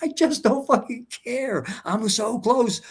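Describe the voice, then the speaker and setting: An older American man, a guest, vividly retelling his escape in a profane, animated way with a husky voice. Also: very high voice, slow. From United States. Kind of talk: storytelling interview.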